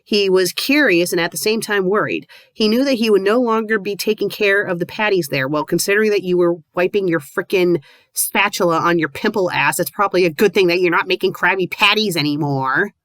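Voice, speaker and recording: A woman reading a fan story aloud with mocking, deadpan asides. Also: fairly low pitch, a little fast, no echo. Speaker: fanfiction reviewer. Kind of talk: sarcastic dramatic reading with commentary.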